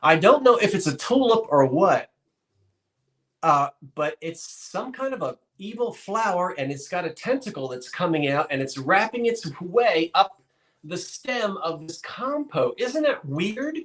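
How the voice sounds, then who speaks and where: A man's voice: high-pitched, big pitch swings, measured pace, fairly bright tone, roomy sound. A man hosting a live-streamed online auction, talking in a chatty, folksy way with rambling asides. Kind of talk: live-streamed sale, casual chat.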